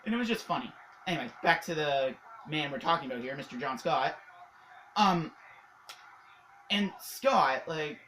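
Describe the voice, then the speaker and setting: A hockey vlogger from Canada giving a casual, excitable recap, rambling with lots of fillers and laughs. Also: mid-range voice, slight background noise, low-quality recording.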